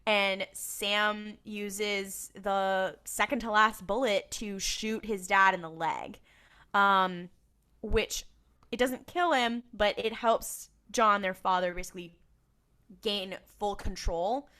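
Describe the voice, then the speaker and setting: A woman's voice: mid-range voice, steady tone, slow pace, bright, forceful tone, smooth. A woman co-hosting a podcast, recapping episodes in casual chat and acting out lines in silly voices, swearing freely and laughing often. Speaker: podcast co-host.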